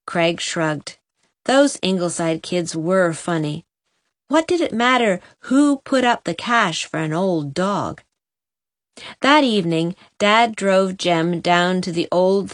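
A woman narrating a storybook gently for an audiobook. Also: on the low side, animated, slow pace, no room sound, clean studio sound.

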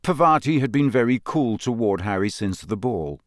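A man narrating an audiobook in a measured storytelling manner. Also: medium pitch, lively intonation, no room sound, clean studio sound.

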